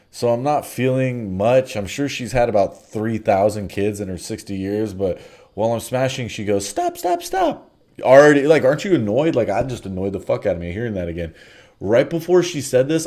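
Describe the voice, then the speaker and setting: A man's voice: fairly low pitch, dark tone. A man telling a crude comedic story in a blunt, offhand way, with bored asides.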